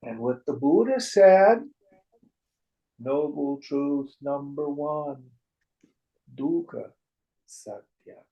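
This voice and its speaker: Gravelly male spiritual teacher, slow and wry, tells stories to a class. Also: fairly high pitch, lively intonation, highs cut off. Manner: storytelling, wry and joking.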